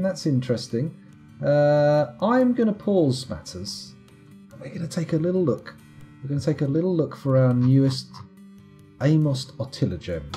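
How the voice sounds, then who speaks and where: A man's voice: medium pitch, dark tone. A man giving casual, rambling commentary over a live game stream, full of wry, self-mocking asides. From United Kingdom.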